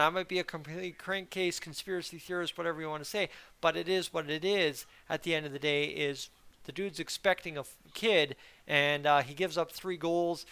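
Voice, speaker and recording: A man's voice: on the high side, sharp tone, clean tone. A young man hosting a casual fan commentary channel, rambling and chatty with a frustrated edge. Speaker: hockey fan channel host.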